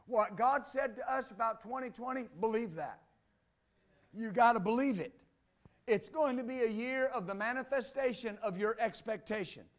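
A man preaches a sermon in a high, bright register. He reads passages of scripture aloud, then breaks them down with emphatic repetition. He returns again and again to the same short phrases to drive his points home. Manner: emphatic, repeats "Amen" and "believe that". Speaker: pastor.

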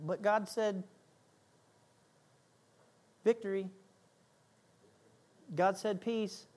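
A man's voice: high voice, steady tone, very slow, a little mellow. A man pastor preaching a sermon, emphatic, repeating key phrases and acting out little asides.

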